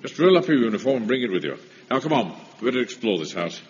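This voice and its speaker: An actor playing a pompous, self-important middle-aged officer in a radio comedy, barking curt orders. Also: male voice, mid-range voice, very animated, fast, close to an everyday voice. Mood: bossy. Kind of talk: radio sitcom acting. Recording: muffled old broadcast with hiss.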